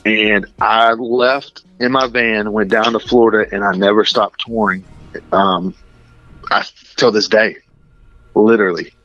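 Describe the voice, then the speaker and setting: A man's voice: lowish voice, measured pace, creaky, a bit bright, no room sound, lo-fi sound. A man telling stories as a radio interview guest, in a chatty, casual way, often saying "dude" and "like" and laughing between lines. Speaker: interview guest, Christian musician. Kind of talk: casual storytelling.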